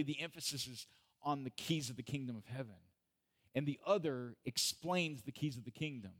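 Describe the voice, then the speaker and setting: Man preaching a chatty, joking sermon. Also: medium pitch. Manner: conversational and joking, asks the congregation questions. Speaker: pastor.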